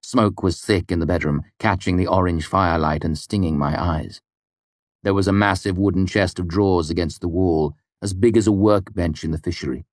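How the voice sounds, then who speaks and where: A man reading a first-person audiobook in a measured, wry storytelling manner. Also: deep voice, no room sound, clean studio sound. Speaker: audiobook narrator.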